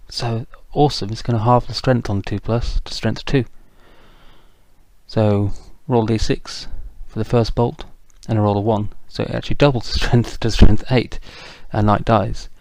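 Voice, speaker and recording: A man's voice: lowish voice, darkish tone, no room sound. A man casually narrating a tabletop wargame battle report, chatty and self-deprecating, with frequent ums. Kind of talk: casual game recap narration.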